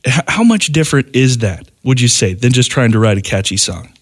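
A man hosting a radio interview, warmly enthusiastic and full of praise for his guest. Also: mid-range voice, lively intonation, brisk. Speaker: radio host.

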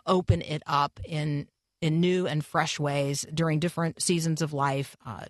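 On a morning radio program, a female host gives an earnest devotional talk, pausing now and then with small fillers. Her voice is on the low side and sounds close and dry, with no room around it.

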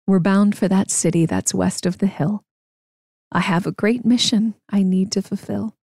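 A woman voicing a calm, wise and kind man in a rhyming storybook read-aloud, slow and reassuring. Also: medium pitch, breathy edge, dry recording, studio quality. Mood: gentle. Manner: gentle, slow, reassuring rhyme.

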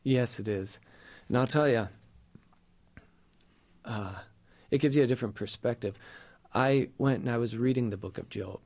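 A middle-aged man telling an earnest, emotional faith story in conversation, pausing and halting as he goes. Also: medium pitch, a little mellow, no echo. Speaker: guest sharing a personal faith story. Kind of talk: conversational testimony.

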